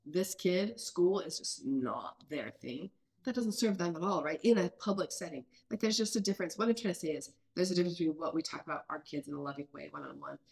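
A woman's voice: deep voice, vocal fry, darkish tone. A woman in her mid-thirties hosting a parenting podcast, talking earnestly and thinking aloud with many restarts. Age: mid-30s. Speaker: podcast host. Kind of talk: casual parenting podcast chat.

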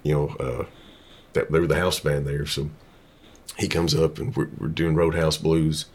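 A man who is a touring rock singer and guitarist, guest on a casual chat, telling relaxed anecdotes. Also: rumbling low, normal speed.

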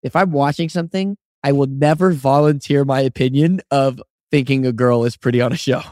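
A man in his twenties co-hosting a podcast in casual chat, telling stories with lively high-voiced impressions of people. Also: fairly quick, no echo, clean studio sound. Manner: animated storyteller, does high-pitched impressions of others. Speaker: podcast co-host.

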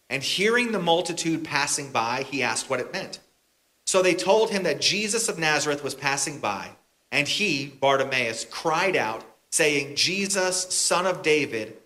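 Bright-voiced male pastor telling a story. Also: mid-range voice. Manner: casual, chatty, bantering with the congregation. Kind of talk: storytelling sermon.

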